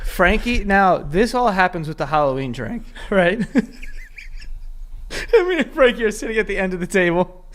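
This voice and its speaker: Animated, laughing young man telling stories. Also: high voice, moderate pace, slight background noise. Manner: animated, laughing through his own stories, teasing. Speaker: podcast co-host. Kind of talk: casual comedic storytelling.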